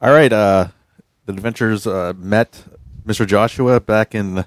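A man, a tabletop game player, recapping past sessions in a relaxed, amused way. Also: lowish voice, a little slow, no room sound. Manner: relaxed, amused storyteller, light fillers. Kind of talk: casual recap chat.

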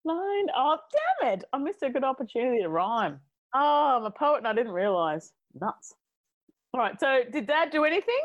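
A woman chats and jokes on a podcast, her fairly high voice swinging up and down. She fires off quick quips and laughs often. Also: big pitch swings, highs cut off. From Australia. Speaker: podcast co-host, older sister. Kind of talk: casual chat, joking.

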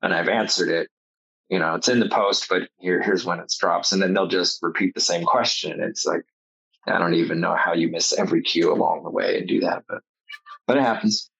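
Low husky dude rambling, cussing, kinda sarcastic, dry close sound. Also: male voice, fairly even intonation, fairly quick, a bit bright, no room sound, muffled recording. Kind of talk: casual chat.

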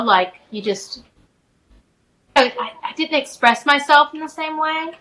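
Her voice on the high side, a middle-aged spiritual advisor tells a personal story as a guest on a podcast, speaking gently and thoughtfully with lots of fillers and restarts. The audio quality is poor.

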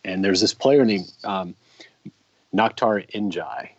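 A man with a low voice tells a long sports memory on a podcast, full of ums and self-corrections. The recording is dry and a little muffled, with no room sound. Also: slow, husky, no room sound. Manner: rambling anecdotes with many ums and restarts. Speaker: podcast co-host. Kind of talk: casual storytelling.

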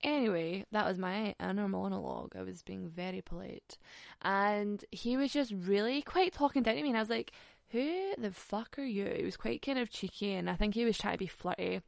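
A young Scottish woman tells a story in a casual, sweary, sarcastic way. Her voice has a gravelly fry, and the recording is dry, with no room sound. Her talk stays animated and cutting throughout. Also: medium pitch, fairly quick, no room sound.

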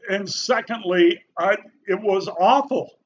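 A middle-aged man recounting a personal story with earnest, folksy warmth, turning animated when he quotes others. His voice sits a little high. The recording is slightly muffled, with a faint hiss underneath. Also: takes it slowly. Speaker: youth pastor. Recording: slightly dull, faint background noise.

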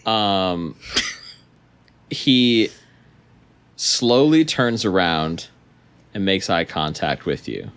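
A young man narrates a tabletop role-playing scene as game master. His voice sits very low, and he talks slowly. He pauses often and fills the gaps with ums. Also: lively intonation, fairly bright tone, clean tone. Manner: slow, hesitant narration with many ums.

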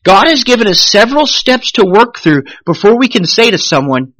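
A man preaching a sermon as pastor, animated, rising sharply then dropping to a hush, and briefly acting out the voices of the people he quotes. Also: sits high, normal speed, dry recording. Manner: animated preaching with sudden rises and hushed drops; acts out quoted voices of the congregation.

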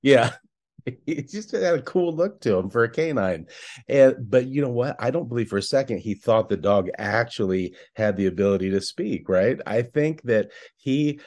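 A man's voice: mid-range voice, lively intonation, moderate pace, darkish tone. A middle-aged man co-hosting a podcast, telling a story in casual chat and laughing often. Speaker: podcast co-host.

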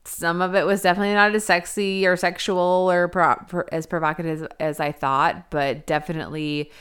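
In a slightly fast, clean, somewhat bright voice that sits low with little pitch movement, a woman co-hosts a podcast reviewing a movie. Her take is frank and casual, sprinkled with swearing and plenty of "like."

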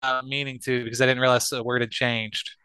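A man's voice: medium pitch, flat delivery, fairly quick, bright, forceful tone, clear, resonant tone, no room sound. A man chatting as a podcast guest, joking, swearing and acting out the banter he tells. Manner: joking, swears often, acts out quoted banter. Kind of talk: casual chat.

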